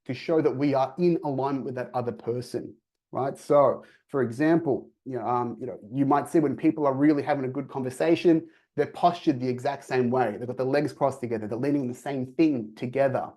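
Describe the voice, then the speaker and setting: A man's voice: mid-range voice, a little fast. A man giving a sales coaching talk on a video call, energetically acting out quoted dialogue. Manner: energetic, acts out quoted dialogue in lively voices. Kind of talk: presenting to a virtual audience.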